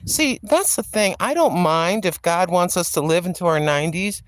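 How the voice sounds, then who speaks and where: A woman's voice: fairly low pitch, moderate pace, dry recording. An older woman hosting a vlog, chatting and joking outdoors in a riverside park. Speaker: vlog host. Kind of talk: casual chat on a walk.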